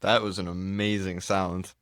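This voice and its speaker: Man, podcast co-host, slow easygoing talk, low voice, dry sound. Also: flat delivery, a bit bright, smooth, dry recording. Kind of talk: casual podcast chat.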